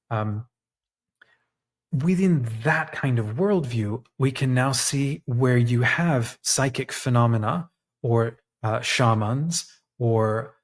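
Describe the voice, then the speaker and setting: Thoughtful man musing with many restarts. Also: medium pitch. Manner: thoughtful, searching for words with frequent restarts. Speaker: podcast host. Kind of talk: reflective monologue.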